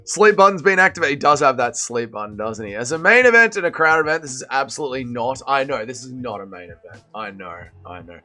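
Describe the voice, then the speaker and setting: A young man hosting a casual livestream, reacting to a fight and reading chat, excitable and swearing, swinging between shouting and mumbling. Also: medium pitch, fast talker, hardly any pauses.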